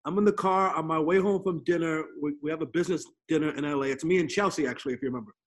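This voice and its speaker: A man hosts a casual podcast by video call, talking in a slightly high voice. He tells stories with lots of energy and acts out other people's lines as he goes. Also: very fast. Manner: animated storyteller, acts out quoted voices. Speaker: podcast host. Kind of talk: casual remote podcast chat.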